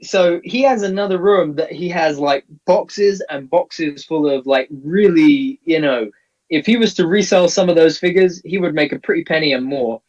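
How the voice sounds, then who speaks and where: A man's voice: on the high side, moderate pace, a little mellow. A man co-hosting a live stream, chiming in and teasing the host. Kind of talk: casual live-stream chat. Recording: distant dull lo-fi audio.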